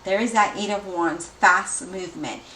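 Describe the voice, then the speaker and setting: A woman giving a tarot reading, energetic and repetitive, speeding up when excited. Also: medium pitch, normal speed, slight background noise. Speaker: tarot reader. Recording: echoey room, mic at a distance.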